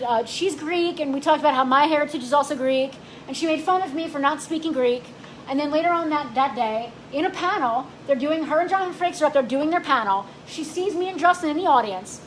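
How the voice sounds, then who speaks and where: A playful woman co-hosts a casual chat and jumps in with lively stories. Her voice sits high. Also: a little hiss or hum, rough recording. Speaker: co-host.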